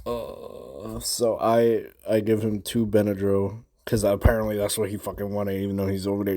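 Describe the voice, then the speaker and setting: A man's voice: on the low side, steady tone, moderate pace, few pauses, dark tone. A young man ranting through a gaming story from his room in casual slang, swearing constantly and rambling. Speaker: gamer recapping a session.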